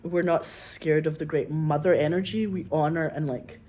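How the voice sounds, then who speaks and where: A filmmaker guest in an interview speaks at a moderate pace in a low, dark, steady-toned voice. Her casual chat is rambling and effusive, heavy on "like," and she acts out quoted voices.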